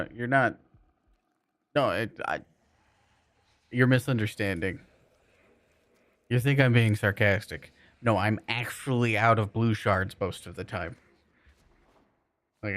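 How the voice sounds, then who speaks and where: A man's voice: medium pitch, unhurried, pauses often, fairly bright tone, no echo. A man streaming a game, chatting loosely with his viewers and rambling with lots of fillers. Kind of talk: casual live-stream chat with viewers.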